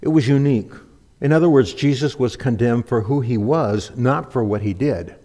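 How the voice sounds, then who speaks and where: A man's voice: mid-range voice, moderate pace, dark tone. A man preaching a sermon in an earnest, teaching manner, quoting scripture and books. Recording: long hall reverb.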